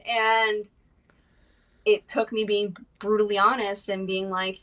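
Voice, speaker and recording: A woman's voice: medium pitch, flat delivery, takes it slowly, pushed and bright, distant mic, rough recording. A woman speaking bluntly and emotionally in a candid personal conversation, often restarting and swearing.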